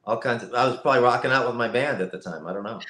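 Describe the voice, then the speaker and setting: A man's voice: medium pitch, very fast, fairly bright tone. A man from Cleveland, Ohio, a guest voice actor on a casual live-stream interview over a video call from home, explaining things reflectively with many fillers. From Cleveland, Ohio, USA. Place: home setup with a lighting kit. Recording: roomy echo.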